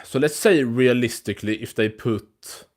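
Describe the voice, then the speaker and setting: A man's voice: mid-range voice, normal speed. Rambling, profane male live streamer. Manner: rambling, loose and profane, with frequent restarts and fillers. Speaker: host of a live MMA news stream. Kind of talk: casual live-stream chat.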